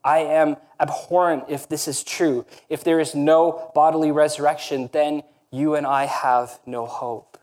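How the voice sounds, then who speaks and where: A male pastor delivering a sermon in a somewhat high voice. He preaches earnestly and with emphasis, often checking in with his listeners through a quick rhetorical question. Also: fairly even intonation, darkish tone.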